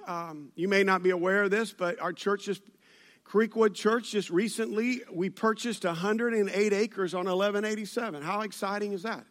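A pastor with a drawl delivers a sermon in a high, light voice. He talks to his congregation conversationally and teases them with jokes. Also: fairly bright tone. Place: church service.

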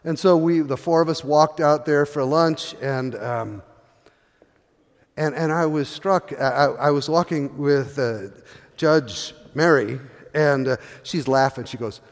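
A man's voice: on the high side, takes it slowly. A middle-aged man preaching a sermon as pastor, telling a story with many fillers and restarts. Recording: long hall reverb.

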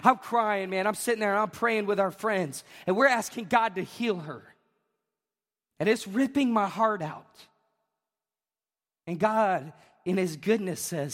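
A man, preaching a sermon as pastor, emphatic and emotional, with repeated questions and rising shouts. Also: high-pitched, expressive, normal speed. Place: church sanctuary. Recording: long reverb of a church hall.

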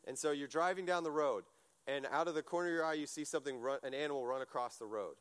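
A man preaching a casual sermon, telling stories in a chatty, animated way, full of fillers and restarts. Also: fairly high pitch, quick pace, clear, resonant tone.

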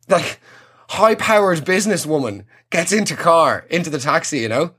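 A man's voice: high-pitched, very animated, normal speed, a bit bright, slightly rough. A young Irish man delivering a rambling, profane comic monologue. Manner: rambling, profane, exaggerated, self-mocking. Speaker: comedian.

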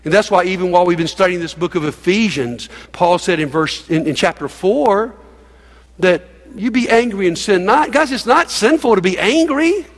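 A man preaches to his congregation in an emphatic, folksy way, urging listeners to speak along with him. His voice sits high for a man. The sound carries a long reverb from the church sanctuary. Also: animated, moderate pace. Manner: emphatic, folksy, with laughs and audience prompts. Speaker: pastor. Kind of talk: sermon.

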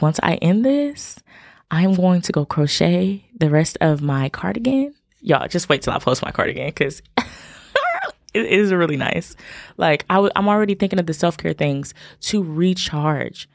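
A woman's voice: lowish voice, a little mellow, no room sound, clean studio sound. A young woman hosting a podcast, chatting casually and encouraging her listeners directly. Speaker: podcast host.

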